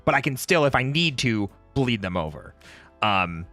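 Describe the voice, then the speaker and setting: Lively, bright-voiced male streamer. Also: mid-range voice, moderate pace, faint music behind. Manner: animated, repeats words while searching. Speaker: streamer host. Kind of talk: casual chat.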